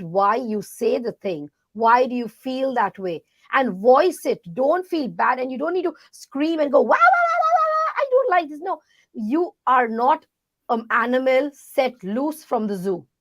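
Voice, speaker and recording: A woman coach speaking in a relaxed, animated interview over a video call, giving advice and acting out little quotes. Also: fairly high pitch, no room sound. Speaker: podcast guest, leadership coach. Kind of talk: casual interview talk.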